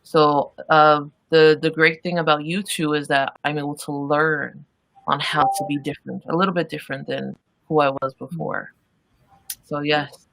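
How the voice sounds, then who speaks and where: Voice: medium pitch, level tone, normal speed, gravelly, a bit bright, no room sound, poor audio. A podcast guest speaking earnestly and a little hesitantly, with fillers. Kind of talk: casual chat.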